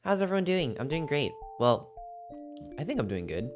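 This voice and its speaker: Streaming a video game with music playing in the background, a man chats casually with viewers in a rambling, goofy way. He sounds sleepy and a little sniffly, speaking at normal speed in a higher voice with big pitch swings.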